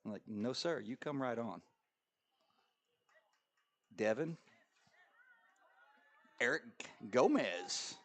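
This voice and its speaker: A middle-aged man calls a local soccer match in a relaxed, joking way, his voice sitting in a middle register. Now and then he jumps into loud, high-pitched calls. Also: slow, long pauses. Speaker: play-by-play commentator. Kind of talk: local sports commentary.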